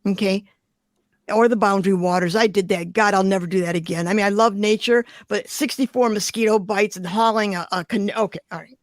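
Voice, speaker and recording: Speaking fairly quickly in a mid-range voice, an older woman from Detroit who makes glass art tells vivid, deeply felt stories in an interview. Her storytelling is expressive, and the recording has no room sound.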